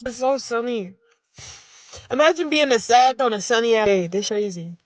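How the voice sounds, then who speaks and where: A woman's voice: fairly high pitch, normal speed, no echo. A crying woman vlogging, laughing through her tears. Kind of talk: vlog.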